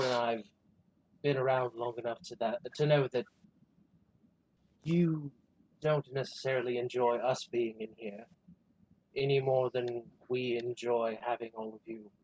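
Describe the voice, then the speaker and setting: A man playing a tabletop game over a video call, speaking in a measured, deliberate way. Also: mid-range voice, a little mellow, low-quality recording. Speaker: player. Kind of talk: in-character roleplay.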